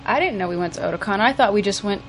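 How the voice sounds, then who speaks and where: A woman's voice: medium pitch, lively intonation, racing, faint music behind. A woman co-hosting a podcast in casual, playful chat, teasing her co-host.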